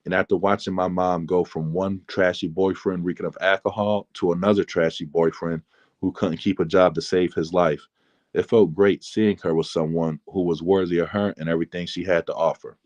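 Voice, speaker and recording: A man, the author, reading aloud from his memoir in a calm, measured way. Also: low voice, no room sound, muffled recording.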